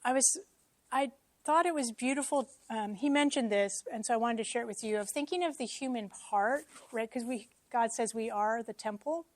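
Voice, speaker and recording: A woman's voice: a little high, normal speed, no room sound. A woman giving a casual, self-deprecating teaching talk to a church congregation, with joking asides. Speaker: church speaker.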